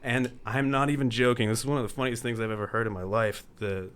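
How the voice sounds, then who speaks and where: A man's voice: mid-range voice, fairly even intonation, fast, a bit bright, clear, resonant tone. A man, a podcast guest, casually telling stories with bursts of laughter. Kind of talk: casual storytelling.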